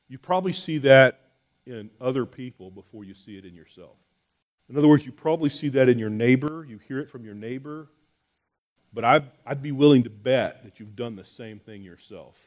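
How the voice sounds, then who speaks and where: A man preaching a sermon, asking rhetorical questions and restarting phrases, swinging between loud pleas and soft asides. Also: medium pitch, normal speed. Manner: repeats words and restarts phrases. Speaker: pastor.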